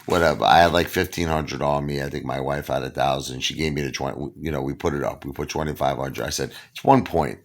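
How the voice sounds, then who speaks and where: Gravelly, deep New storyteller. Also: male voice, quick pace, few pauses. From Brooklyn, New York. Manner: animated, acts out the dialogue himself. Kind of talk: casual anecdote told to camera.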